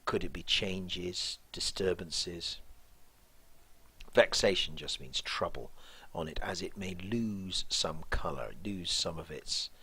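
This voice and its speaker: Low husky-voiced male teacher. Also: slow, pushed and bright. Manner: thoughtful, musing, hesitant with fillers and restarts. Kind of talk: line-by-line explanation of a play.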